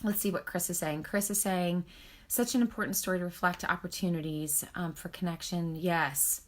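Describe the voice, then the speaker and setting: A woman's voice: fairly low pitch, fairly even intonation, moderate pace. A woman marriage counselor speaking on a live stream, talking earnestly and encouragingly, checking in with her viewers and reading out their comments. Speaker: marriage counselor and author hosting a book club live stream. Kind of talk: casual teaching on a live video stream.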